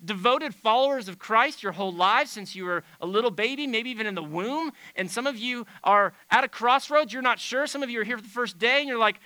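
A man preaching a sermon on a church stage, talking in a loose, conversational way with big swings between quiet and loud. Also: very high voice, brisk, no echo, rough recording. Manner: animated, conversational preaching with dramatic swings in volume. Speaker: pastor. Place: church stage under bright lights.

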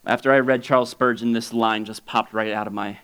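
In a casual sermon, this male pastor speaks a little fast with a steady, clean tone. His voice jumps from loud, high-pitched exclamations to soft, low asides, and he often chuckles between his points.

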